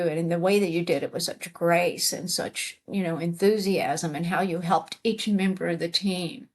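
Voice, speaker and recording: Animated storytelling woman, husky voice. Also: lowish voice, normal speed, few pauses. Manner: animated storyteller acting out quoted dialogue. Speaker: interview guest, retired Army command sergeant major. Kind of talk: storytelling in an interview.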